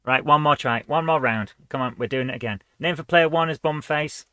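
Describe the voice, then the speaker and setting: A man's voice: a little high, fairly quick, bright, forceful tone, smooth, no room sound. A man hosting a retro gaming channel, reading quiz questions aloud and chatting casually as he guesses the answers. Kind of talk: casual let's-play commentary.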